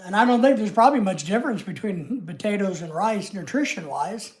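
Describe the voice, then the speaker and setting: A woman with a Southern US accent chats on her own livestream in a loose, rambling way. Her talk wanders from one aside to the next, homey and relaxed. Her voice sits at an ordinary middle pitch. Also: fairly quick. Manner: rambling and homey, chatting easily with frequent asides. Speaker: livestream host. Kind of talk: casual livestream chat with viewers.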